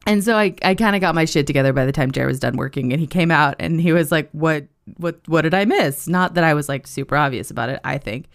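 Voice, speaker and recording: A woman hosting a casual monologue, telling a story in an animated, profane way and laughing as she goes. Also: deep voice, fast talker, few pauses.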